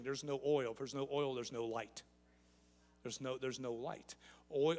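A man's voice: mid-range voice, fairly bright tone. Man preaching in a reverberant sanctuary. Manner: repeats phrases for emphasis, asks rhetorical questions. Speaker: pastor. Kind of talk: sermon. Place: church sanctuary. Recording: long reverb of a large hall.

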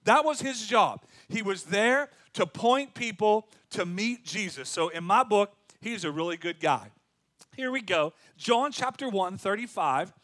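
A man preaching a sermon as pastor, talking in a lively, conversational way and acting out quotes. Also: high voice, measured pace, no echo.

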